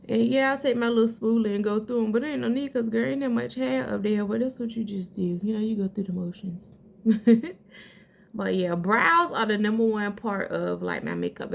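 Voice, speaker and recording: Chatty woman with a gravelly edge. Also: mid-range voice, slight background noise. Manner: chatty, talks straight to viewers as girl and sis. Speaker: beauty vlogger. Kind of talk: casual makeup tutorial.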